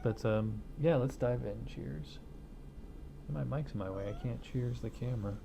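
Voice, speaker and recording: At a measured pace, a man with a mid-range voice and some vocal fry talks over background noise. His casual home-studio beer review wanders, full of fillers, restarts, and chuckles at his own humor, captured by a lapel mic concealed behind a studio microphone.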